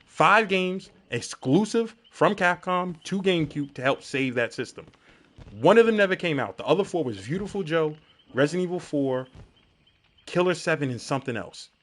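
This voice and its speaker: Give me a male streamer with a high-pitched, swooping voice, ranting hard at his chat. He is animated and crude, and his tone climbs and dips all the time. He is a young adult talking casually over his gameplay. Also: moderate pace. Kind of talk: live-stream gaming commentary.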